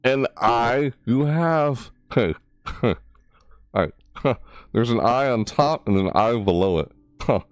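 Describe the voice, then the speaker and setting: A young man giving live reaction commentary, rambling and excitable, often breaking into laughter. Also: medium pitch, takes it slowly, dry recording, clean studio sound. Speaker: reaction streamer.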